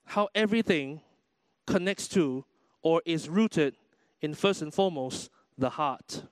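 A man preaching a sermon in a church, animated, acting out everyday quotes as he goes. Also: a little high, unhurried, no room sound. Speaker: pastor.

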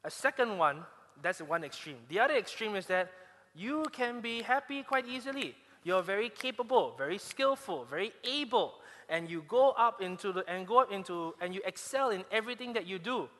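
Malaysian guy preaching in a big hall, high bright voice, long echo. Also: moderate pace. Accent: Malaysian English. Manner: animated storytelling with frequent restarts. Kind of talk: sermon.

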